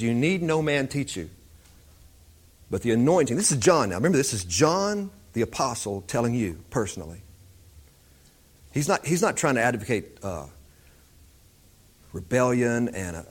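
A man preaching an informal Bible teaching in a conversational way, often repeating himself. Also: mid-range voice.

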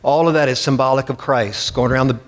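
A man's voice: mid-range voice, fairly even intonation, fast talker. A man preaching a sermon with emphatic delivery, acting out the voices he quotes. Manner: emphatic, dramatic quoting. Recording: long reverb hall.

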